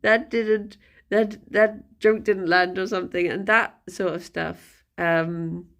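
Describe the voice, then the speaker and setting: A woman's voice: medium pitch, steady tone, slow. Giggly lady streamer rambling on, just chatting live. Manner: giggly, rambling, often breaks into laughter. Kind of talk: casual chat on stream.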